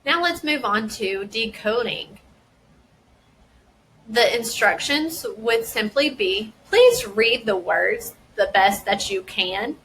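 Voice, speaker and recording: A woman who works as a school dyslexia specialist, giving a careful explanation and deliberately sounding out words and their parts. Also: on the high side, big pitch swings, fairly bright tone, a little hiss or hum, low-quality recording. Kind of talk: instructional explanation.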